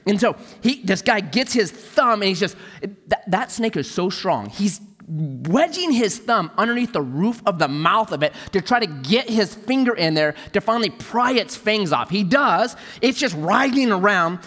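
High, lively pastor preaching in a hall. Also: male voice. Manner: animated storytelling, dropping to a hush for emphasis. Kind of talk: sermon.

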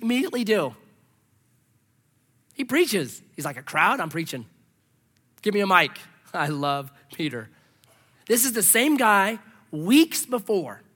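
A male pastor preaching a sermon, telling stories with acted-out dialogue and swinging from loud exclamations to hushed asides. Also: high voice.

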